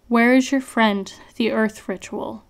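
A woman voicing a cold, menacing male interrogator who taunts in a calm, almost sing-song way. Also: on the high side, a little slow.

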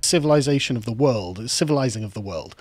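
A man with an average-pitched voice, rambling assertively in a podcast clip. The sound is close and dry, with no room echo. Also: animated, fast, a little mellow, husky. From Britain. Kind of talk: podcast discussion.

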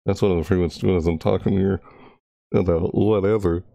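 A man's voice: sits low, fairly even intonation, brisk, gravelly, warm tone, no room sound. A young man chatting on a live stream into a close microphone, talkative and rambling, repeating himself as he goes. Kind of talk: casual rambling stream chat. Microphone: close desk microphone.

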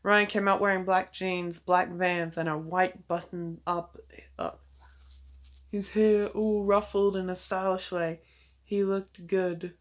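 A woman's voice: on the low side, flat delivery, takes it slowly. A woman reading fanfiction aloud, stopping often for casual, wry asides and restarting words as she goes. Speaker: fanfiction reader.

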